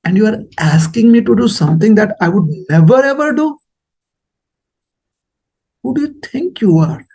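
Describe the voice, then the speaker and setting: A man acting out a proud, high-ranking magistrate who scolds in exasperation. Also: lively intonation, moderate pace, vocal fry, long pauses, warm tone, breathy edge, exaggerated voice. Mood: indignant.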